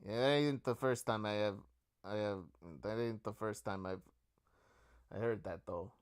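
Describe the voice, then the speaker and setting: A man's voice: on the low side, measured pace, smooth, natural voice. A man doing a laid-back easygoing guy.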